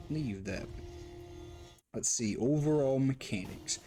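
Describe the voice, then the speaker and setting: Man gamer, mid-pitched, chatty and rambling, talks to the game as he plays, steady noise behind. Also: measured pace. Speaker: game reviewer and streamer. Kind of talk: casual commentary while playing.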